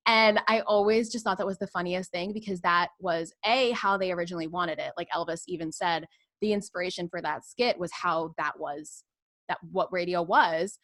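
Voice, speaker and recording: A woman from radio chatting as a podcast guest, her voice a little low for a woman. She talks loosely and fills her sentences with "like" and "you know." The recording is dry and close. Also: normal speed, a bit bright, no room sound. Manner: chatty, filler-heavy, lots of "like". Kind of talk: casual chat.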